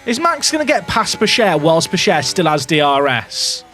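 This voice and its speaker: Excitable gaming commentator, higher-pitched. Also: male voice, normal speed, soft background music. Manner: excitable, swings between nervous mutters and shouts. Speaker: gaming YouTuber. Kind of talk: live racing game commentary to chat.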